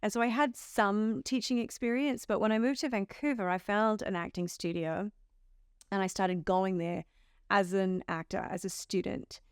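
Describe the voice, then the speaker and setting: Smooth-voiced Australian actress in an interview. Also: female voice, mid-range voice, steady tone, normal speed, no room sound, clean studio sound. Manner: warm storytelling with playful quoted asides. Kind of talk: casual interview chat.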